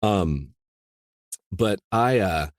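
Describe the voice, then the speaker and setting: A man from rural Iowa, an audiobook narrator, chatting as a guest in a casual interview, rambling with many restarts and quick laughs. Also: deep voice, animated. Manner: rambling, full of "you know" and restarts, laughs easily.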